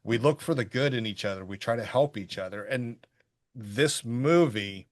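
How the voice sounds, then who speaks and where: A middle-aged man co-hosting a podcast, chatting casually about a film in a rambling, animated way. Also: mid-range voice, moderate pace. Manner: rambling, animated, bursts into quoted voices. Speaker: podcast co-host. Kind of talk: casual movie review chat.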